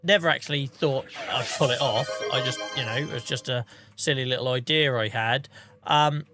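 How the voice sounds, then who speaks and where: A man chatting on a live gameplay stream, excitable and grateful as he thanks his viewers. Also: mid-range voice, moderate pace, faint music behind. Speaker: livestreamer. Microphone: streaming microphone.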